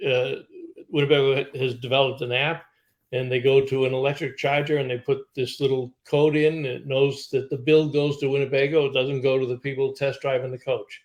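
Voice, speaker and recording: A man's voice: mid-range voice, little pitch movement, a little fast. A man hosting a live talk show, reading viewer comments aloud and rambling with plenty of uh's. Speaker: show host. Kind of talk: casual chat.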